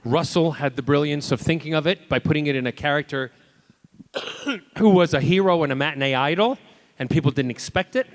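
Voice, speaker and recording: Brief: male convention guest, animated storyteller, slightly high voice, acts out quotes. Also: brisk. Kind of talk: lively anecdotal Q&A storytelling. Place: convention panel room.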